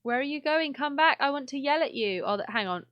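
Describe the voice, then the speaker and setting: A woman's voice: high voice, lively intonation, a little fast, no room sound, dull audio. A young woman chatting and exclaiming through a live game stream, laughing often. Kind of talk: casual live gameplay commentary.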